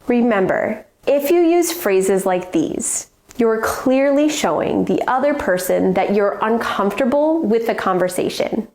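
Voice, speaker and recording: A woman teaching English with clear, measured explanations in a scripted lesson. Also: fairly high pitch, expressive, darkish tone. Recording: roomy echo.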